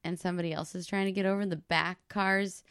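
A woman's voice: on the low side, fairly even intonation, fast, a bit bright, clear, resonant tone, dry recording, studio quality. A woman guest on a podcast, chatting casually and chiming in on the host's stories. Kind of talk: casual chat.

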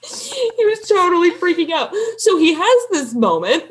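A woman telling a story as a podcast guest, animated and laughing as she acts out what people said. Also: extremely high pitch, unhurried. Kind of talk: casual storytelling.

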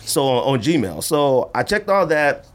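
A man hosting a casual podcast, telling a long story in an animated way and acting out the voices he quotes. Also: measured pace. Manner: animated, acts out quoted voices with big pitch jumps. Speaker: podcast host.

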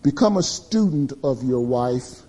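A middle-aged man preaching a sermon to men, telling confessional stories in an animated way. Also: medium pitch, a little slow, slightly rough.

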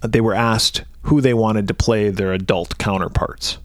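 A man's voice: on the low side, fairly even intonation, moderate pace, no room sound, clean studio sound. A man co-hosting a podcast, casually reading off film trivia and laughing often. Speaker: podcast co-host. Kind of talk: casual movie chat.

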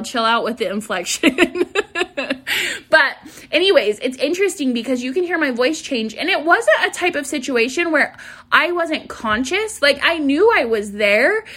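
A bubbly young woman hosts her own podcast in a casual, chatty way. Her voice is bright and a little high, and it swings with a lot of inflection. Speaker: podcast host. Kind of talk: casual solo podcast intro.

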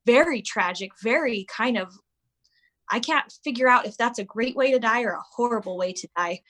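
Lively woman, maybe 30s, bright high-ish voice, chatty storyteller vibe. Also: normal speed. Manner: animated storyteller, acts out voices of her kids. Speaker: podcast guest. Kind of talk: casual chat.

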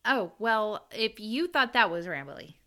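Podcast co-host, woman, bright tone, casual and laughing, rambles a bit. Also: mid-range voice, animated, measured pace. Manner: chatty, giggly, self-deprecating. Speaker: podcast co-host presenting the episode research.

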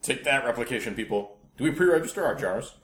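A man co-hosting a casual science podcast, playful and quick to joke. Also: slight background noise. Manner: playful, with a swooping, very expressive pitch. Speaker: podcast co-host. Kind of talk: casual chat.

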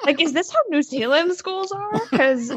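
A woman's voice: very high voice, lively intonation, normal speed, no room sound. A woman co-hosting a casual podcast who makes wry, questioning asides. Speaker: podcast co-host. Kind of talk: casual chat.

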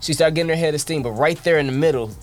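A man co-hosting a sports podcast, animated and joking, swearing freely. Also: fairly high pitch, racing, soft background music. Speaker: podcast co-host. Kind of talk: casual sports chat.

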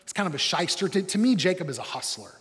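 A man preaching a sermon as pastor, telling the story in a lively, humorous way. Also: high-pitched, fast, long reverb tail.

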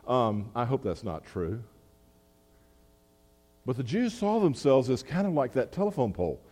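A man's voice: medium pitch, very animated, measured pace, warm tone, long reverb tail. A man preaching a sermon as pastor, talking in a conversational way with asides and restarts.

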